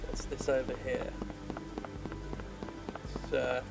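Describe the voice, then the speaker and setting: A woman's voice: very deep voice, level tone, slow pace, vocal fry, over loud music, poor audio. A woman game critic giving sarcastic, profane commentary while playing. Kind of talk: sarcastic let's-play commentary.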